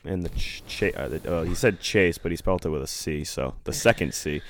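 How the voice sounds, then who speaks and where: A man's voice: low voice, brisk, slight background noise. A man hosting a casual chat, reading listener questions and telling a rambling story. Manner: laid-back, rambling, swears casually.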